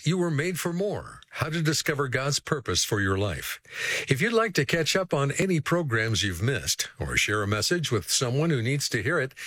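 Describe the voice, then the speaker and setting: A man reading a scripted radio announcement in a smooth promotional delivery. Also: mid-range voice, a bit bright, no echo, clean studio sound. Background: guitar music.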